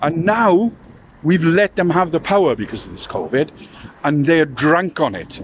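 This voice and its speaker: A man rants straight to camera with heated indignation, his fairly high voice swinging up and down. He pushes his political appeal hard and with conviction. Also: expressive, measured pace, a little hiss or hum. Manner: indignant, impassioned ranting. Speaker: political campaigner.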